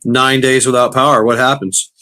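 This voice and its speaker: A man's voice: medium pitch, little pitch movement, normal speed, pushed and bright. A man in a casual chat who talks in a chatty, loose way and laughs easily.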